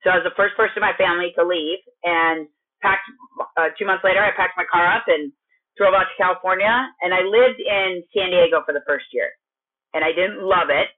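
A woman in her late thirties from Minnesota talks loudly and with energy, restarting her sentences as she tells her story. Her voice comes through a thin, phone-like line. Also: on the low side, brisk. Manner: loud, energetic, chatty with many restarts. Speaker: guest, gym owner. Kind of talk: storytelling in a podcast interview.

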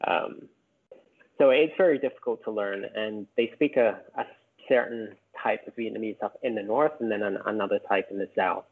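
A man's voice: lowish voice, normal speed, gravelly, breathy edge. A man from the UK, a podcast guest and author, chatting casually and rambling with many fillers and restarts. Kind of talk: casual chat. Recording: tinny phone-like call audio.

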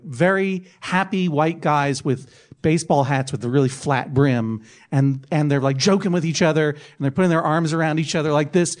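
A man's voice: a little high, a little mellow. A middle-aged man telling a comic anecdote on a podcast, self-mocking and laughing through it. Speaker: podcast guest telling a story.

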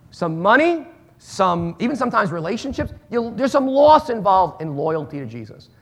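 A male pastor preaching a sermon, animated, moving between hushed asides and loud emphatic bursts. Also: high-pitched.

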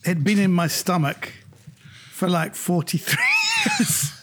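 A middle-aged man from England, an actor guest telling lively anecdotes in casual conversation. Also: high-pitched, a little slow. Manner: lively, animated storyteller.

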